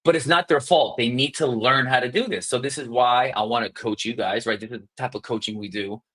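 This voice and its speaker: Upbeat male sales coach, quick and emphatic, mid-pitched, acts out phone scripts for trainees. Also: slightly rough. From South Florida. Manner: energetic, fast, emphatic, demonstrates scripts. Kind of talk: live coaching session.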